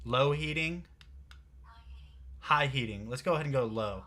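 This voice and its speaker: Bright, chatty young male streamer. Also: medium pitch, unhurried. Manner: excitable, chatty, talks straight to viewers. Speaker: livestream product showcase host. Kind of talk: casual live-stream chat.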